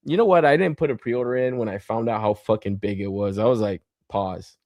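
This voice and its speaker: A man's voice: on the low side, fairly quick, no room sound, lo-fi sound. A man hosting a podcast in a casual, rambling chat who laughs a lot and swears constantly. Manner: loose and rambling, with many fillers. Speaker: podcast host.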